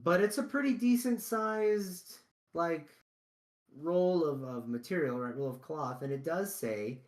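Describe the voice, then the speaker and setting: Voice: medium pitch, a little slow. A game master narrating a tabletop game in a loose, chatty way, often checking in with "right?".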